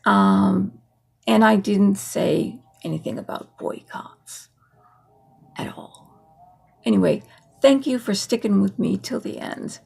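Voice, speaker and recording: A woman's voice: medium pitch, slow, gravelly, long pauses, darkish tone, slightly rough. A woman vlogger giving a casual, sarcastic political monologue, laughing at her own points.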